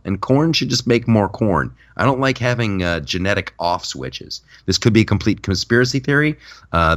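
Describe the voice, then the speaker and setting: A man's voice: low voice, fairly bright tone. A man, a stand-up comedian hosting a podcast, rambling through a casual comedic rant with many restarts, short on sleep. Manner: rambling, repeats words, restarts.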